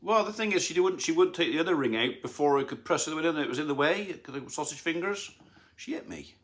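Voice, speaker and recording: Speaking from his lounge on a relaxed live stream, this middle-aged farmer and channel host rambles along with dry, teasing humour. He sounds animated and fairly bright, pitched on the high side and moving at a quick pace.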